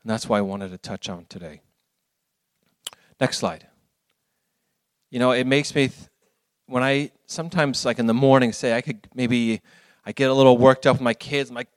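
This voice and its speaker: A man's voice: mid-range voice, normal speed, pauses often, no room sound, studio quality. A man giving an earnest church talk with slides, telling stories in a rambling way with many restarts. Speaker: ministry speaker.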